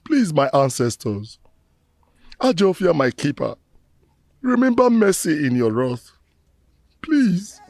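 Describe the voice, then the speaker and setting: A pleading gravelly supplicant. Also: male voice, fairly high pitch, big pitch swings, slow pace, long pauses, a little mellow, heavily acted. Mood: lamenting. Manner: pleading, lamenting, formal. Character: remorseful middle-aged man praying to ancestors. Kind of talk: Nollywood film acting.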